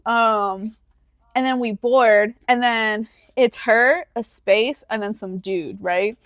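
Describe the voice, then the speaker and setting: A young woman in her twenties talks through a story on a casual podcast, her voice sitting a touch high. She acts out every quoted line and keeps the talk loose and full of fillers. The sound is close and dry. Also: takes it slowly, fairly bright tone, dry recording. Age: 20s. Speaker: podcast co-host. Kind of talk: casual chat.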